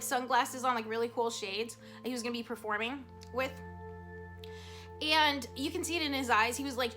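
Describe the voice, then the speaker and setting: Casting: high, bright-voiced woman, chatty vlogger storytelling with feeling, soft music underneath. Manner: animated, chatty, emotional storyteller with many fillers. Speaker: psychic vlogger. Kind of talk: casual storytelling to camera. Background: soft background music.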